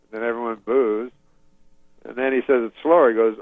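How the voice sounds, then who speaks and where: A man, a comedian, telling a long rambling story in a halting, deadpan way and chuckling now and then. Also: mid-range voice, no echo. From Canada. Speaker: comedian guest. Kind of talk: rambling storytelling on a radio interview. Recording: dull dry lo-fi radio recording.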